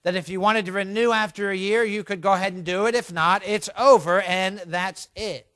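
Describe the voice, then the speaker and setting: A man preaching a sermon as pastor, telling a story in a measured, earnest way. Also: high-pitched, steady tone, fairly bright tone, smooth, no echo.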